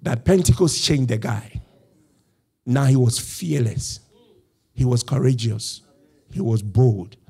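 A man's voice: medium pitch, animated, slow pace, vocal fry, long pauses, dark tone, husky. A male pastor preaching a sermon, telling the story with animation, acting out the quoted voices and laughing as he goes. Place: church.

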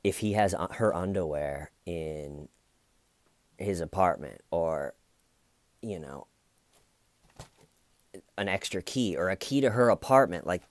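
A man's voice: deep voice, lively intonation, slow, pauses often, dry recording. A man casually commenting on a true crime case in a chatty, sarcastic, rambling way.

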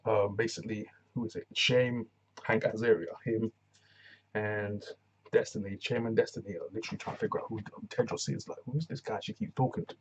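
A man's voice: fairly low pitch, steady tone, fairly quick, a little hiss or hum, rough recording. A man giving a casual, rambling recap of a TV episode, full of slang and restarts. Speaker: TV reviewer.

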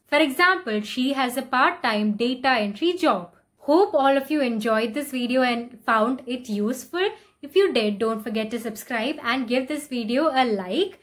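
Woman teaching pronunciation, slightly high voice. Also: lively intonation, fairly bright tone. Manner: slow, deliberate repetition of example words. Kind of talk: explaining and modeling word pronunciations.

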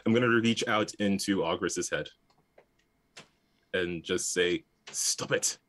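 A man taking his turn in a tabletop game, thinking out loud hesitantly. His voice is low and his pace is very slow. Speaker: player.

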